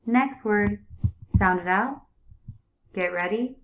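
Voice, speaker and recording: A woman teacher leading a young class through sounding out words, giving slow, clear, repeated cues. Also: mid-range voice, lo-fi sound, a little hiss or hum. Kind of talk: early reading lesson for young students.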